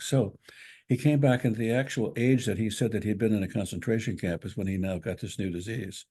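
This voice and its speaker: A man with a low, dark and husky voice speaks in a reflective spiritual talk. He tells his story in a measured way, restarting phrases often as he goes.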